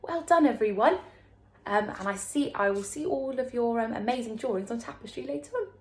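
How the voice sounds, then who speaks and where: A woman primary school teacher giving a recorded lesson to young children, talking slowly in an encouraging, sing-song way. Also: a little mellow. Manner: slow, sing-song, encouraging teacher talk with big pitch swings. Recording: echoey room.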